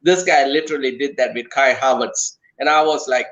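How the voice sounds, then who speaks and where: A man's voice: medium pitch, fairly even intonation, brisk, few pauses, fairly bright tone, dull audio. A man in a casual football chat, talking earnestly and often checking in with "you know" and "right". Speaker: guest on a watch-along.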